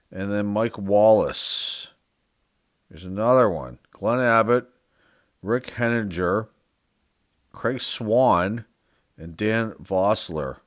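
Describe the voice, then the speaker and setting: Low-voiced man rambling through a card lot. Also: no room sound, clean studio sound. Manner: rambling, unsure, thinks aloud, reads off player names. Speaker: sports card collector. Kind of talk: casual card-opening commentary.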